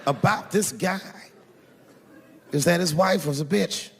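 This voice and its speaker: A man doing stand-up, telling a profane story in an animated way and putting on voices for the people in it. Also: high voice, a little slow, creaky, slight background noise. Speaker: stand-up comedian. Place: large theater stage before a live audience. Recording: reverberant hall with loud crowd laughter. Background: audience laughter.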